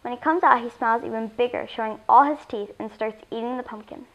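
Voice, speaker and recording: A woman reading a children's story aloud in an expressive storytelling voice. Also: a little high, brisk, dull audio. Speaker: story reader.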